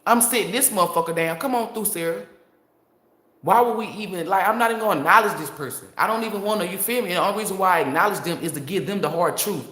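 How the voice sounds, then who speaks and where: A woman's voice: mid-range voice, quick pace, fairly bright tone. A woman tarot reader talking straight to her viewers in a blunt, profane, fired-up unscripted monologue. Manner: blunt, profane, fired-up storytelling with rhetorical asides. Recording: roomy echo.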